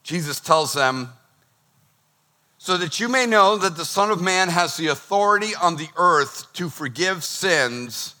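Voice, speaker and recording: Bright-voiced energetic preacher, a man. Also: sits high, unhurried. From Boston. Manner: energetic, conversational, joking preacher. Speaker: pastor. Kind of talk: sermon.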